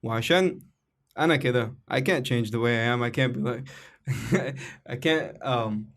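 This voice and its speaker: Fast-talking emotional Egyptian man. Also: medium pitch, vocal fry, fairly bright tone. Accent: Egyptian Arabic. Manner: emotional, rambling with restarts and laughs. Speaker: podcast host and comedian. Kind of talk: casual podcast conversation.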